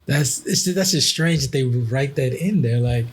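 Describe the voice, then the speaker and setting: A man's voice: medium pitch, normal speed, husky. Male co-host, short amused reactions, casual chat. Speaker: podcast co-host.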